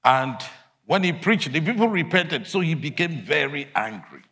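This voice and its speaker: A man preaching a sermon, emphatic, swinging between loud declarations and quiet asides. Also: fairly high pitch, big pitch swings, normal speed.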